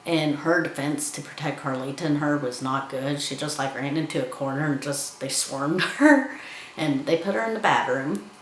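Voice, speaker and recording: A woman's voice: deep voice, moderate pace, roomy sound, a little hiss or hum, poor audio. A woman giving a casual film review, chattily retelling scenes and acting out the characters' lines.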